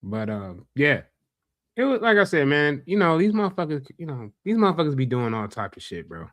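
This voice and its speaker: Animated, swearing podcast host. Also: male voice, on the high side, a little fast, no echo. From Los Angeles area. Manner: animated, profane, repeats himself when worked up. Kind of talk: casual podcast banter.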